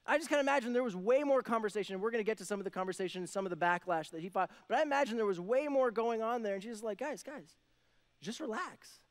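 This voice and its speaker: A young man preaching a casual, conversational sermon, acting out the people in the story with quick voices and lots of "like" and "right?". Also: sits high, expressive. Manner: conversational, acts out voices of biblical characters, many "like" and "right?". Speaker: pastor.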